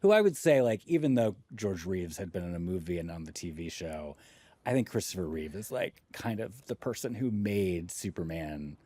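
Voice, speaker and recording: A man co-hosting a podcast in casual chat, relaxed and full of fillers. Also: low voice, normal speed. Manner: relaxed, filler-heavy, says like a lot. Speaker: podcast co-host.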